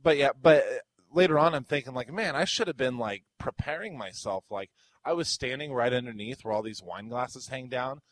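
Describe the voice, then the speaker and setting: A young man co-hosting a podcast, telling a story in casual chat and acting out the quotes with loud, rising outbursts. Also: mid-range voice, moderate pace, no room sound, rough recording. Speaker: podcast co-host.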